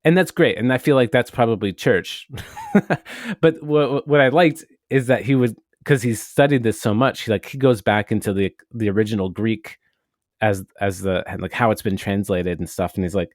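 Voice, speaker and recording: A man's voice: lowish voice, moderate pace, no echo, studio quality. A man co-hosting a podcast, telling a story in a rambling, casual way and swearing now and then. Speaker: podcast co-host. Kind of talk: casual chat.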